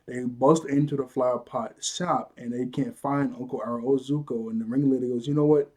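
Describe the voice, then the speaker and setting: A man's voice: medium pitch, a little fast. A man casually recapping a cartoon episode, acting out the characters' lines and laughing often. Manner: animated retelling, acts out quotes, laughs often. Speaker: show reviewer.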